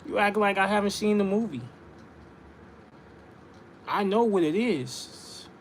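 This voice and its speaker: A man's voice: sits high, expressive, slow, slight background noise. A man insistently arguing his point in casual livestream talk, repeating himself. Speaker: livestream host.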